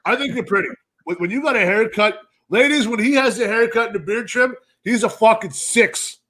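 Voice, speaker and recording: A Canadian man talks in loud, profanity-laced banter, his voice high and tense. He rambles from story to story with brash energy, the way a podcast co-host riffs with his buddy. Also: fairly quick. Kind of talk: casual profane chat.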